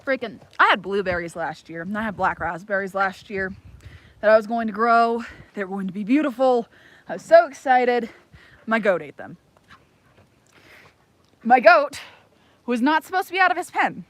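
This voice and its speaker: A woman's voice: fairly high pitch, expressive, normal speed, long pauses, fairly bright tone, dry recording. A woman from Ohio chatting casually on a livestream, rambling and easily distracted, talking to her dogs as she walks her homestead. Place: outdoors on a homestead.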